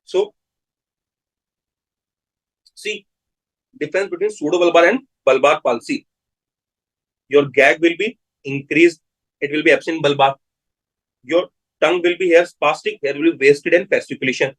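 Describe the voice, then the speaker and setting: A man giving a live online medical lecture, repeating key phrases slowly and checking in with his students. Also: fairly high pitch, poor audio.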